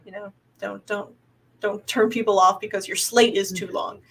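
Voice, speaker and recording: A woman casting director co-hosting a podcast, giving relaxed advice with easy fillers and laughs. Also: medium pitch, normal speed, a little hiss or hum. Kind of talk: casual podcast chat.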